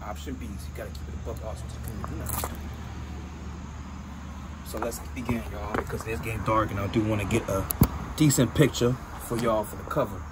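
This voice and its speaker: A man's voice: fairly low pitch, fairly even intonation, brisk, long pauses. Slangy man vlogging outdoors with crickets behind. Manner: slangy, chatty, repeats catchphrases. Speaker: sneaker vlogger. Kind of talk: casual hyped sneaker show-and-tell. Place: outdoors at dusk. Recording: outdoor noise with crickets and traffic.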